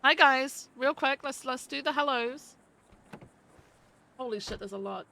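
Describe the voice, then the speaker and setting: Gravelly bright-voiced woman streamer. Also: high voice, unhurried, a little hiss or hum. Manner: swears freely, greets chat one by one. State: feels she is losing her voice. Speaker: streamer playing a police lieutenant. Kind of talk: casual live-stream chat and role-play.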